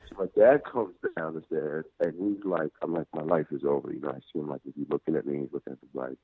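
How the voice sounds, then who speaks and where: Give me a low-voiced man on a dry phone line, a relaxed guest telling stories and laughing along. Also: quick pace, breathy edge, no echo. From Nigeria. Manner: relaxed storytelling, laughs often. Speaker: guest actor. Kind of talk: casual phone interview.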